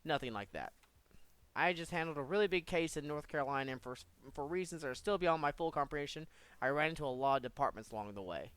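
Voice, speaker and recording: A man reading a young woman detective's lines from a game aloud, in a casual, flat way. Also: on the high side, quick pace, clean tone, dry recording. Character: young female detective, tough, plain-spoken.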